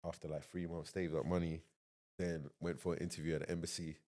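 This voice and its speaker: A man's voice: deep voice, flat delivery, fast, warm tone. A man in his thirties, a podcast guest, chatting casually and telling rambling stories. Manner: rambling, storytelling, many "like" fillers. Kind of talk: casual chat.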